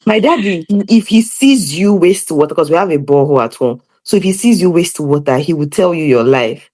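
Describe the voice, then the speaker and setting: Lively young woman telling stories. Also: low-pitched, fairly quick. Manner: lively, laughing, animated storyteller. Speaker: podcast guest. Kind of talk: casual storytelling chat.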